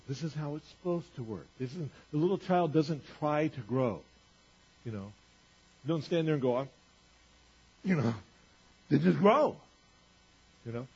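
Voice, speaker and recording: Husky male preacher, muffled recording. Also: a little mellow. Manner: conversational preaching, repeats phrases, rises in pitch for emphasis. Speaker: pastor. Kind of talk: sermon. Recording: dull lo-fi recording.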